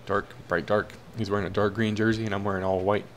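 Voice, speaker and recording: A man's voice: fairly low pitch, level tone, fast, a little hiss or hum. A young man casually commentating his own football video game, cheering and groaning at the plays. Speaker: gaming commentator.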